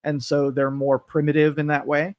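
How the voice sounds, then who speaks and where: Musing man co-host, slightly high voice. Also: monotone, normal speed, darkish tone, no echo. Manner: musing, speculative. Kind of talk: casual talk radio chat.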